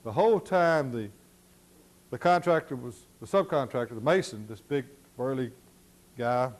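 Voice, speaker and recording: A middle-aged man telling folksy stories during an architecture slide lecture, halting with many fillers. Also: mid-range voice, lively intonation. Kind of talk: storytelling lecture.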